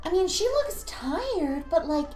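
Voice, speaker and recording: A woman player chatting casually at a game table, retelling a scene in an excitable way. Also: very high voice, slow, loud music behind the voice. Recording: roomy sound.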